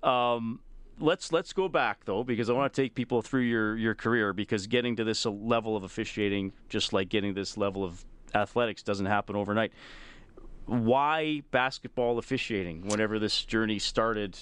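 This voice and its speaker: A man's voice: lowish voice, moderate pace, fairly bright tone, clear, resonant tone. A man hosting a sports radio show in the studio, talking casually with many fillers and restarts. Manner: conversational, with frequent fillers and restarts. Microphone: studio microphone.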